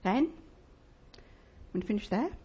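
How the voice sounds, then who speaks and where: A woman preaching a sermon in church, emphatic and lively, asking the congregation rhetorical questions. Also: mid-range voice, moderate pace, husky, lo-fi sound.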